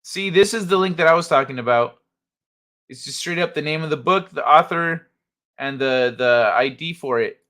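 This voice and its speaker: A man's voice: fairly high pitch, moderate pace, pushed and bright. A man hosting a casual late-night stream, joking crudely and chatting with viewers. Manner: joking, crude, talks to chat. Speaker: host.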